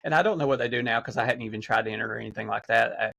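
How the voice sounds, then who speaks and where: Gravelly man telling race stories. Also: medium pitch, very fast, sharp tone, poor audio. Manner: rambling, many fillers and restarts. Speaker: podcast guest. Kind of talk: casual storytelling.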